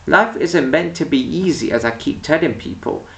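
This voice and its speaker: Here a man with a gravelly, fairly high voice rants animatedly to camera at normal speed about people who get on his nerves, wandering and restarting as he goes. He's recorded off-mic in an echoey room.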